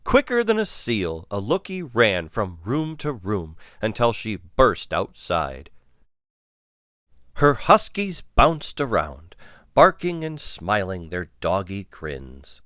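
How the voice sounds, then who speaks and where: Male storybook reader, deep, crisp and bright in a dry close recording. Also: no echo. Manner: unhurried, expressive. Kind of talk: children's picture-book read-aloud.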